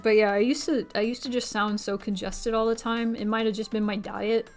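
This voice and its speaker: A young woman streamer chatting casually with viewers, rambling from one thought to the next and jumping into a squeaky high voice when she quotes someone. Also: fairly even intonation, fairly quick, soft background music.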